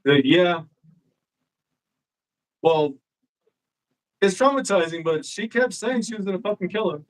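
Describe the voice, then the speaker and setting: Man, guest storyteller, casual, profane, animated, slightly high voice. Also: measured pace, low-quality recording. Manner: profane, animated, acts out quotes. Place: live-streamed show.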